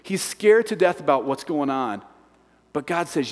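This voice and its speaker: A man preaching a sermon to a congregation. He acts out voices and swings from excited shouts down to hushed whispers. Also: fairly high pitch, unhurried, in a large hall, a little hiss or hum. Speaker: pastor. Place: large church hall.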